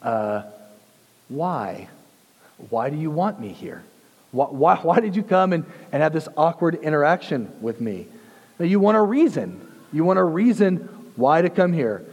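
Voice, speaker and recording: A man's voice: on the high side, darkish tone, long reverb tail. A man preaching a sermon as a pastor, teaching in a conversational way with frequent restarts and repeated words. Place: church sanctuary.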